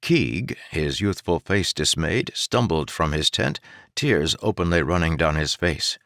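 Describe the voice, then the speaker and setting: A man reads an audiobook in a very deep voice with lively, rising and falling intonation. His delivery is steady. The recording is dry and close, with no room sound. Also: unhurried, no room sound. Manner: steady narration. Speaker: narrator. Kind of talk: audiobook reading.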